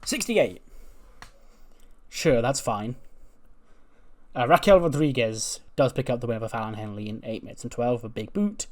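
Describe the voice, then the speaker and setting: A man's voice: medium pitch, moderate pace, pauses often, darkish tone. A man casually narrating a wrestling simulation game in a rambling, loose way. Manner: rambling, loose, filler-heavy storytelling. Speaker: gaming video host.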